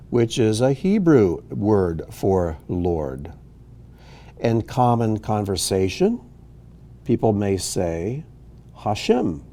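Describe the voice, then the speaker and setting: A man's voice: medium pitch, warm tone. A man teaching a recorded Hebrew reading lesson, explaining patiently with fillers and small self-corrections.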